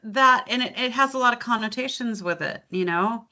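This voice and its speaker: Woman, coach, chatty, bright tense voice, slightly high, dull lo-fi audio. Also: normal speed. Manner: chatty, laughs easily, restarts phrases. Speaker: accent coach guest. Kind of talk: casual podcast interview.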